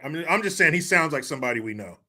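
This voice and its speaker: A man's voice: on the high side, animated, racing, sharp tone. A man hosting casual, profane commentary, sarcastic with muttered crude asides. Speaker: commentary host.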